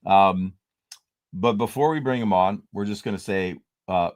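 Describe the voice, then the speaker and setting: A man's voice: low voice, unhurried, no echo, clean studio sound. A man hosting a casual live-stream chat, laid-back, dropping "man" and "dude" a lot. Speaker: host.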